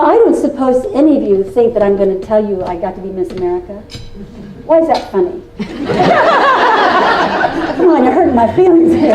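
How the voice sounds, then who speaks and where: A woman's voice: high voice, mellow. Folksy older woman speaking in a roomy hall. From Indiana. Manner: folksy, playful and confiding, with teasing asides to the crowd. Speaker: keynote speaker. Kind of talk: storytelling speech to a live audience. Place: meeting room with a live audience. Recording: roomy hall from a distant mic.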